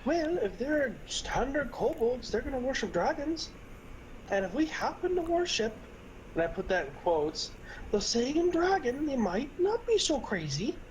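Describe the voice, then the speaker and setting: Wry woman player, high lively voice. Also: normal speed, a little hiss or hum, rough recording. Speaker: tabletop game player.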